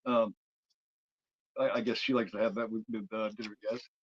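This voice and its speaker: A man's voice: fairly low pitch, little pitch movement, moderate pace. A man co-hosting a film review podcast, retelling a horror movie in a rambling, casual way with many fillers. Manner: rambling, full of fillers and restarts. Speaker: podcast co-host. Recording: dull dry lo-fi recording.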